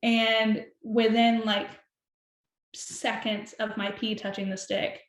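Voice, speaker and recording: A young woman telling a personal story as a podcast guest, animated and chatty, full of "like". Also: on the high side, slow. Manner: animated, chatty, heavy use of "like". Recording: roomy echo.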